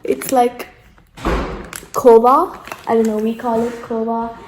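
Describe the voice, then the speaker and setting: A young woman chats unhurriedly through an unboxing, leaning on "like" as she goes. Her voice sits a little high and carries the echo of a room at home. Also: flat delivery, a little slow, background noise. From India. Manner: chatty, lots of "like" fillers. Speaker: vlogger. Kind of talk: casual unboxing chat. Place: room at home, sitting at a table. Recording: echoey room.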